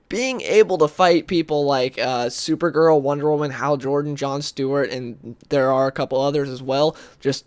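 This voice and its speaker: Recapping comic stories in a relaxed spoken style, this video host has a fairly high voice with no echo. He rambles, leans on "like" and "uh," and now and then performs characters' lines.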